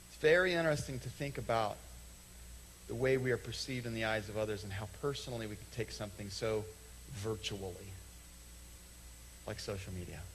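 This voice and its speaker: Conversational pastor preaching from the stage. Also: male voice, on the low side, a little hiss or hum, poor audio. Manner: conversational, acts out little quoted dialogues, slows for emphasis. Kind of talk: sermon. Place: church sanctuary.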